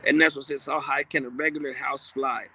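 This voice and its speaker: A man's voice: medium pitch, flat delivery, a little fast, bright, forceful tone, husky. A man hosting a livestream, reading viewer comments aloud in a blunt, streetwise, casual way with frequent profanity. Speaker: livestream host.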